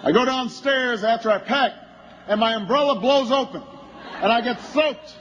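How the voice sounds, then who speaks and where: A man, a politician, giving a campaign rally speech as an anecdote that builds toward shouting. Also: extremely high pitch, moderate pace, highs cut off, a little hiss or hum.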